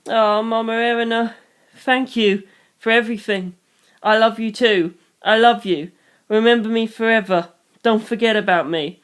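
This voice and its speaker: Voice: moderate pace, clear, resonant tone, natural voice. A reader voicing a scared, stubborn eleven-year-old girl who pleads through sobbing tears, in a fan reading of a novel. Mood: tearful. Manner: sobbing, pleading, rising high. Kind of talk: audiobook reading.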